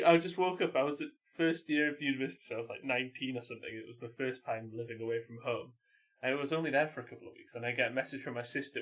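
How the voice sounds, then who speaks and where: Casual man in his twenties, podcast co-host, bright tone, laughs between his lines. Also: medium pitch. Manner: laughs often while talking. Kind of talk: casual chat.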